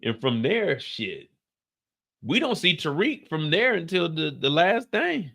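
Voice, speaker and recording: A man recapping a TV finale in casual commentary, acting out the characters in high and low voices. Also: very animated, a little slow, gravelly, sharp tone. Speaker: show reviewer.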